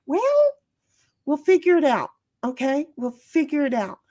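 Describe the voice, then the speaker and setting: A woman's voice: high-pitched, animated, a little slow, dark tone, dry recording. A woman hosting a casual livestream, chatting with her viewers in a rambling, profane way full of restarts. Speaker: livestream host reading chat.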